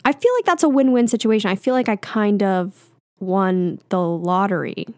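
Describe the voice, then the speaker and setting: A woman's voice: medium pitch, normal speed, a little mellow, dry recording, clean studio sound. A young woman in her twenties hosting a solo podcast, talking in a chatty, candid way with fillers and small laughs. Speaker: podcast host. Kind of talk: casual solo podcast chat.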